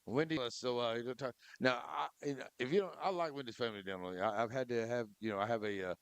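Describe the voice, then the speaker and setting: A man co-hosting a local sports radio show, folksy and animated, laughing often. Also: mid-range voice, fast, clear, resonant tone, no echo. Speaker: co-host. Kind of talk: casual radio talk.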